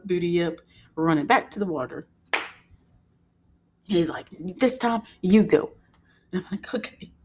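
A young adult woman, a mother, telling a story in a casual, animated way and acting out what people said. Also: on the low side. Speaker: vlogger, mother.

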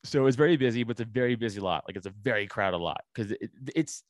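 A man, a podcast guest, telling a story in casual chat, animated and full of swearing. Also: lowish voice, fast, no echo, clean studio sound.

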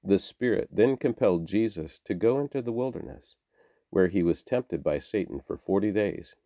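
A man giving a scripted scripture reading in a measured, deliberate way. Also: low-pitched, dark tone, no room sound, studio quality. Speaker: scripture reader.

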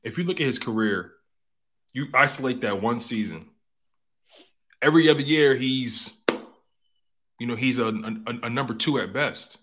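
A man's voice: medium pitch, normal speed, pauses often, fairly bright tone. A man co-hosting a sports talk show, giving blunt opinions with stammering restarts.

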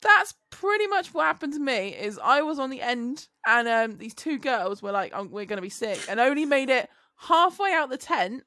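A woman's voice: sits high, very animated, moderate pace, hardly any pauses, bright, forceful tone, no echo, clean studio sound. A woman co-hosting a podcast, telling stories casually, laughing often and swearing lightly. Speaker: podcast co-host. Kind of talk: casual chat.

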